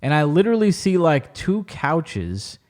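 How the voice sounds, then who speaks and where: A man hosting a podcast, chatting casually and telling animated stories with plenty of swearing. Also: fairly high pitch, a little slow. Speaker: podcast host. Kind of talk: casual chat.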